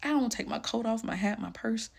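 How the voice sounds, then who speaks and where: A young woman telling a personal story casually, full of "like", often dropping into a hushed voice. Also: a little high, brisk, vocal fry, slight background noise. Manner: casual, fillers like "like", drops to hushed tones.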